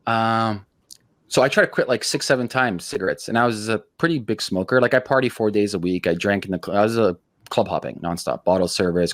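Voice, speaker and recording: A man with a deep, low voice hosting a casual podcast chat. He talks bluntly and swears freely, with restless, hyperactive energy. The sound is dry and close, with no room echo. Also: a bit bright. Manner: blunt, profane, high-energy storytelling; self-described hyperactive. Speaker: podcast host.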